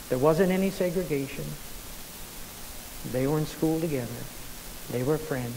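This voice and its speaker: A middle-aged man preaching a sermon, telling a personal story with lively, stop-and-start phrasing. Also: fairly high pitch, measured pace, pauses often. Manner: animated storyteller, frequent restarts. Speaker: pastor. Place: church sanctuary. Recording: long church reverb, faint hiss.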